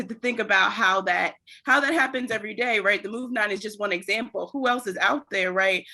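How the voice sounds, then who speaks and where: A woman's voice: medium pitch, pushed and bright. A woman hosting an interview, asking long, thoughtful questions full of fillers and hedges. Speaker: podcast host. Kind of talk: casual conversational interview.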